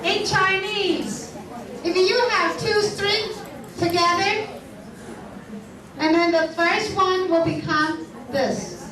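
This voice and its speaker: A woman teaching a class, explaining slowly and checking whether the students follow. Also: very high voice. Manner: explains slowly, checks understanding with repeated questions. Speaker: English teacher. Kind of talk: classroom lesson. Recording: echoey room, voice from far off.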